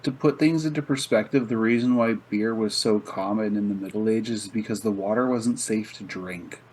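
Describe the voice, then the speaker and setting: A man's voice: fairly low pitch, normal speed, darkish tone, a little hiss or hum, low-quality recording. A man playing a tabletop game, chatting wryly and swearing casually. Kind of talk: casual chat.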